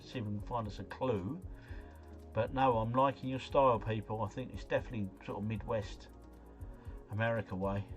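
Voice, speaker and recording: A man with a fairly low voice gives running commentary on a game he is streaming live. He is chatty and excitable and keeps turning to his viewers. Faint music plays underneath. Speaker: gaming livestreamer.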